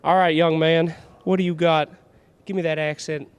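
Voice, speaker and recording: A man's voice: fairly high pitch, level tone, moderate pace, clean tone. A man interviewing players on site in a playful, teasing way, laughing often. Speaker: event interviewer.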